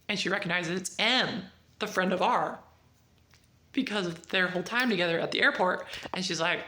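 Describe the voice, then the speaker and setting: A woman casually reviewing a book, retelling the plot in a rambling, animated way with lots of "like". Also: medium pitch, moderate pace.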